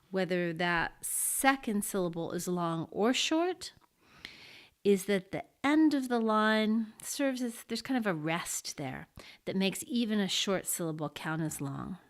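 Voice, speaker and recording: A woman teaching an introductory lesson, explaining things slowly and deliberately and pausing as she marks examples. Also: mid-range voice, big pitch swings. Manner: slow and deliberate, pausing to mark syllables. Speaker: Latin teacher. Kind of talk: slow, careful lesson explanation.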